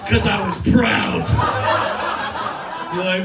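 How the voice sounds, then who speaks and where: A man in his thirties from Newfoundland doing a fast, rambling, profane stand-up comedy set, often laughing at his own jokes. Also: high-pitched, lively intonation. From Newfoundland, Canada. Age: 30s. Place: comedy club stage. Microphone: stage microphone. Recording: roomy live club sound from a distance with loud crowd. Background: audience laughter.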